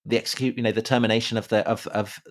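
Halting, low-voiced male podcast host. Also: flat delivery. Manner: halting, with frequent fillers and repeated words. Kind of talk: casual conversational history chat.

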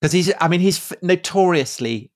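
A man hosting a casual history podcast, prompting his guest with halting, restarting questions. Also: sits high, animated. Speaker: podcast host asking questions.

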